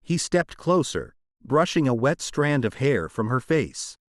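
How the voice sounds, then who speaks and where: A man narrating a romance audiobook in a dramatic, expressive storytelling manner. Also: mid-range voice, a little slow, no echo, studio quality.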